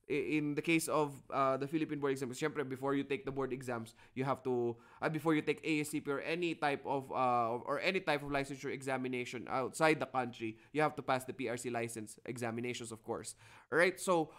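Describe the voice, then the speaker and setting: A man with a Filipino accent giving a live online lecture to students, switching between Tagalog and English and teasing the class, energetic even though he is sick. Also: mid-range voice, fast talker. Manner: Taglish code-switching, teasing and animated. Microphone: video call.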